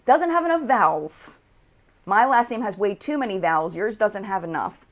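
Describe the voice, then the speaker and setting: A woman's voice: mid-range voice, lively intonation, a little fast. An American woman hosting a casual live chat, reading viewer comments aloud and showing makeup on camera.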